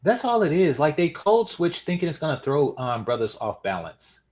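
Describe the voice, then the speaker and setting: Man, reaction commentary, mocking, sarcastic, lively swooping pitch. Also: moderate pace. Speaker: commentary channel host.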